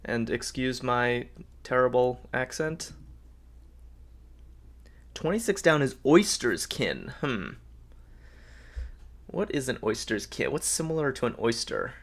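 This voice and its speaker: A man's voice: medium pitch, big pitch swings, takes it slowly, pauses often, fairly bright tone. Give me an upbeat man hosting a live puzzle stream, chatting with viewers as he solves. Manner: upbeat, thinks aloud, reads out viewers' answers. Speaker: host of a live crossword solve.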